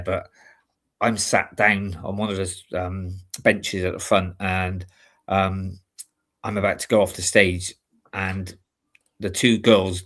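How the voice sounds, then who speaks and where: A man's voice: low-pitched, a bit bright. A man from the UK hosting a live stream show, chatting casually and rambling with many fillers and restarts. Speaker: show host and amateur stage actor. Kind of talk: casual chat.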